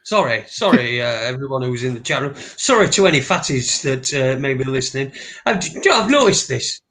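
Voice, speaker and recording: A man's voice: medium pitch, big pitch swings, brisk, a bit bright. A man, co-hosting a casual chat and telling rambling, sweary stories. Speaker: podcast co-host.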